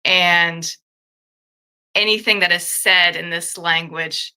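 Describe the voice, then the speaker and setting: A woman's voice: lowish voice, fairly even intonation, slow, pushed and bright, smooth. A woman guest in a casual chat who tells stories expressively. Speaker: guest artist.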